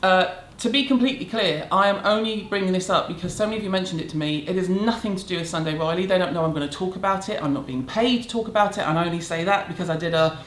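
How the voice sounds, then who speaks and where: Talking fast with few pauses, a middle-aged British woman uses her lowish voice to rant bluntly and sarcastically in a casual beauty vlog aimed at the camera. The audio from her city home room has a roomy echo and slight background noise.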